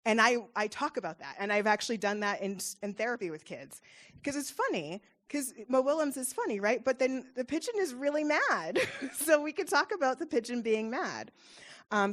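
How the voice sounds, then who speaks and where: A woman child therapist giving an informal, encouraging talk to parents, chatty and full of fillers. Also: medium pitch. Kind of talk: informal presentation.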